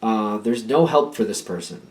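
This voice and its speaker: A man's voice: on the low side, animated, normal speed. A man giving a casual tarot reading in a rambling, repetitive, emphatic way. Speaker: tarot card reader.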